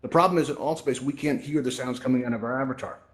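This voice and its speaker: A man of medium pitch talks fast while presenting a VR tutorial event through a headset microphone. The presentation is casual and chatty, punctuated by "right?" and "you know".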